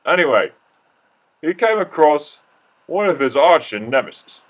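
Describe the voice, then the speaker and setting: A man's voice: on the high side, sing-song, unhurried. A man telling a comic mock-documentary story, rambling, jokey and full of restarts.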